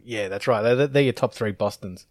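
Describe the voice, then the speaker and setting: A man's voice: on the low side, moderate pace, no echo, studio quality. A man, co-hosting a podcast in casual chat and rambling through laughing anecdotes. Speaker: podcast co-host.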